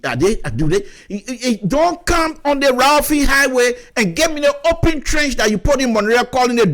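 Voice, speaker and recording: Liberian man, radio commentator, high and highly animated delivery, lecturing tone. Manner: lively, lecturing, repeats words while explaining. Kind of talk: opinionated radio talk.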